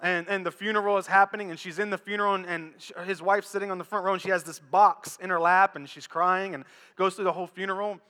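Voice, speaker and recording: High, bright-voiced preacher in a hall. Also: male voice, quick pace. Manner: animated, joking, repetitive. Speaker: pastor. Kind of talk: sermon. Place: church. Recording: echoey church hall.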